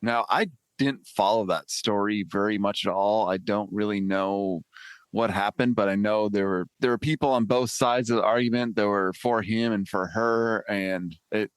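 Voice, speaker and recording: A man in his forties co-hosting a podcast in casual chat, laid-back and quick to laugh. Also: on the low side, steady tone, clean tone, no echo. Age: 40s. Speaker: podcast co-host.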